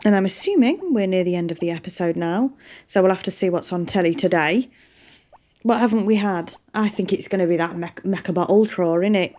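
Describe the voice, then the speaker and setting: A woman's voice: fairly low pitch, fairly quick, darkish tone. A British woman hosting a gaming channel, chatting casually over her gameplay and often laughing at herself. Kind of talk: casual let's-play commentary.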